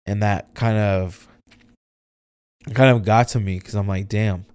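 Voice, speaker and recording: A young man hosting a solo podcast, speaking candidly in a halting, emotional way, near tears and swearing often. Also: fairly low pitch, mellow, no room sound. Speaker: podcast host.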